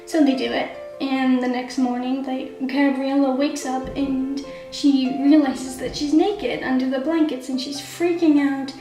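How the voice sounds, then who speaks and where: Girl with a high voice going over her story plot, super chatty, like like like, echoey room, faint music behind. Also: flat delivery, a little slow, few pauses. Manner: chatty, constant "like" and "kinda" fillers. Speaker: amateur writer summarizing her own story. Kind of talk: casual spoken plot recap.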